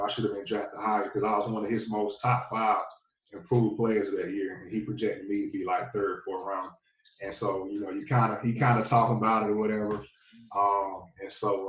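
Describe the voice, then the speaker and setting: A man in his thirties with a Southern US accent, telling his story in a relaxed, rambling way as a podcast guest. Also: lowish voice. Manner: laid-back, rambling, many fillers. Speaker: podcast guest, former football player. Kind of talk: casual storytelling interview. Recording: echoey, a bit distant from the mic.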